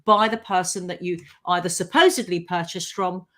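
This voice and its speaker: A woman, a legal expert on a live radio talk show, explaining consumer rights in a clear, measured way. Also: fairly low pitch, a bit bright.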